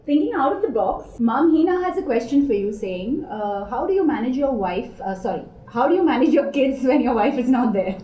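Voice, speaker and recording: A woman hosts a live show and reads out viewer questions at a brisk pace. Her voice is fairly high but mellow in tone. The recording has an echoey studio sound with faint room noise behind her. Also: animated, lo-fi sound. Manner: bright-natured, laughs easily, brisk question reading. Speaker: show host.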